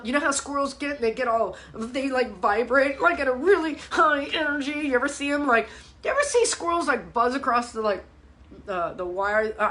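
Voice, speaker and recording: Animated, bright-voiced woman fitness coach. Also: high voice, normal speed. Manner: blunt, animated, swears freely. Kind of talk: live-stream chat. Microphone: phone or webcam mic.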